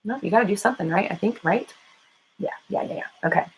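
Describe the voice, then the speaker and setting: A woman host and manifestation coach chatting casually and quickly with livestream viewers, full of fillers and the odd swear. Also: mid-range voice, slightly rough, rough recording. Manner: fast-talking, self-described. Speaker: law of attraction coach and host.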